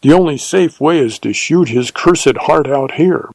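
A man's voice: on the high side, measured pace, creaky, darkish tone, dry recording, pitched above the performer's own voice. Man voicing a wary one-eyed bandit. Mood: protesting. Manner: protesting, insistent.

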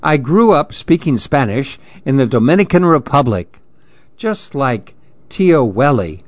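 A man's voice: medium pitch, big pitch swings, unhurried, no room sound. A man voicing a playful Dominican mother in a storybook reading, teasing and sprinkling in Spanish words. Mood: cheerful. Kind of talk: storybook narration. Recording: dull lo-fi dry recording.

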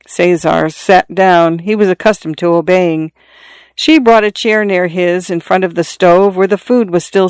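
Brief: steady literary narration, smooth and resonant, dry close studio mic, mid-range pitch. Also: dry recording. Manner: measured, steady storytelling. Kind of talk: scripted audiobook narration.

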